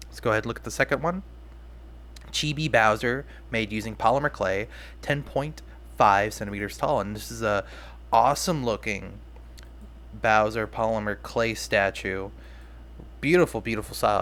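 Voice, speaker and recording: A man's voice: lowish voice, fairly bright tone, slight background noise. A young man hosting his own podcast, rambling casually and self-deprecatingly, often restarting his sentences. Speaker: podcast host. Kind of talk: casual solo podcast talk.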